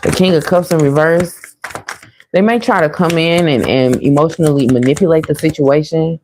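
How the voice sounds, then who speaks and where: A woman's voice: low voice, moderate pace, noisy background. A woman giving a casual, chatty tarot reading to her viewers, laughing often and calling them y'all. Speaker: tarot reader.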